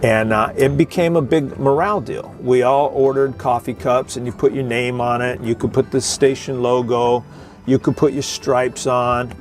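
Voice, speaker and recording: A man's voice: medium pitch, fairly even intonation, moderate pace. A middle-aged man, a Coast Guard veteran, casually telling a joking, salty story to his viewers. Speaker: retired Coast Guard veteran, video host. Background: music.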